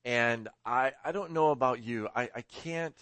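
A man's voice: mid-range voice, measured pace, fairly bright tone, dry recording. A man preaching a sermon, casual and rambling, often correcting himself and laughing along with his own story. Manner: rambling, self-correcting, chuckling. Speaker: pastor.

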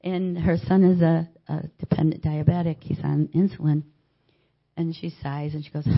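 Older woman telling a lively faith story. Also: deep voice, moderate pace, creaky. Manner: animated storytelling, acting out what others said. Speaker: church member giving a testimony. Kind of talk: personal faith testimony told as a story. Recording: dull lo-fi recording.

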